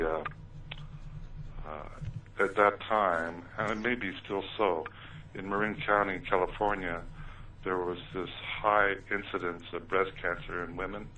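A deep-voiced man recounts his experiences in an interview, pausing often with ums and uhs. He comes through a narrow, phone-like line, sitting back from the mic with a faint hiss behind him. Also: pushed and bright, distant mic. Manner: hesitant, many ums and uhs. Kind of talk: interview storytelling.

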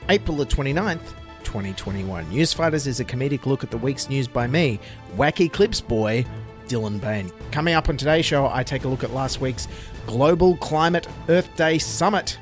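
A man's voice: mid-range voice, animated, normal speed, faint music behind. An Australian man hosting a comedy news podcast, delivering satirical commentary with sarcastic, wry asides.

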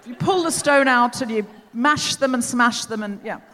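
An Australian-born woman hosting a live comedy podcast, telling stories with animated, giggly delivery on a theatre stage. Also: fairly high pitch, moderate pace, slight background noise. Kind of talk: live stand-up banter. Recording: live theatre with long reverb.

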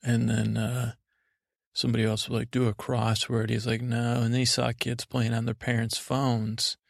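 A gravelly man rambles through a bedtime story, meandering and deadpan. His voice is flat and even, recorded close and dry. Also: medium pitch, moderate pace, dry recording. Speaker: podcast host, storyteller.

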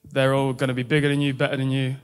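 A young man gives an earnest testimony to his church. His voice is smooth and resonant, and it stays level with very little melody. He speaks steadily and often pauses on fillers. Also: medium pitch, completely flat delivery, soft background music. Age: 20s. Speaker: university student sharing testimony.

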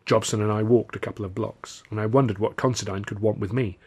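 A man reading his own novel aloud as narrator, with brisk, wry storytelling. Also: on the low side, fairly even intonation, darkish tone, breathy edge. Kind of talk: scripted narration.

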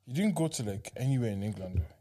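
A man's voice: mid-range voice, expressive, fast talker, warm tone. A man in a casual chat, telling a story with wry, mocking impressions.

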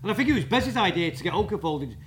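A man, a guest drummer telling rambling, halting anecdotes in a casual interview. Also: high-pitched, very animated, a little hiss or hum. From England.

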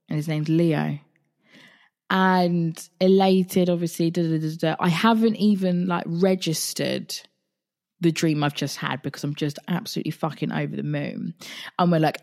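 A woman's voice: lowish voice, fairly even intonation, measured pace, darkish tone. A woman podcast host, candidly retelling a personal dream in a chatty, casual way with some swearing. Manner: recounts a dream in the present tense.

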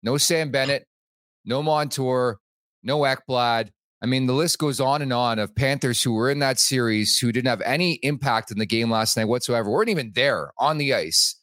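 A man's voice: mid-range voice, moderate pace, a bit bright, dry recording. Casual man on a dry podcast mic. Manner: loose, leans on "like", swears casually. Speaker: podcast host. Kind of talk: casual sports chat.

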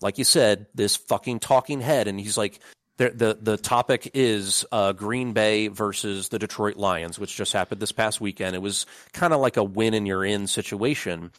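A man's voice: on the low side, fairly even intonation, normal speed, dry recording, clean studio sound. A young man co-hosting a casual sports podcast, talking in a rambling, profane way with lots of filler words. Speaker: podcast co-host.

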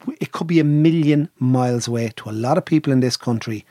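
A middle-aged Irish man telling a lively anecdote in casual conversation, swearing freely. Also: mid-range voice, fast, dry recording, clean studio sound. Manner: lively storyteller, mimics drum sounds, swears casually.

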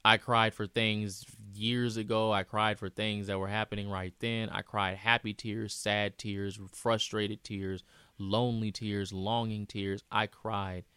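A man's voice: lowish voice, level tone, a little slow, bright, forceful tone, smooth, dry recording, clean studio sound. A man speaking as host in a reflective personal monologue, earnest and repeating phrases for emphasis.

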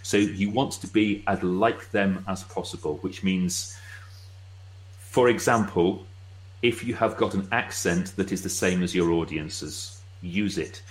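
A middle-aged British man speaking as a guest expert, explaining with brisk, wry asides. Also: sits low, rough recording. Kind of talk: casual explanatory chat.

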